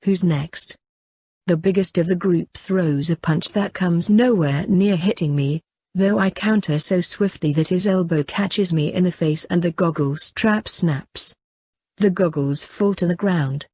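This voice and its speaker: A woman narrating an audiobook in the first person with a steady, measured reading. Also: on the low side, breathy edge, no room sound.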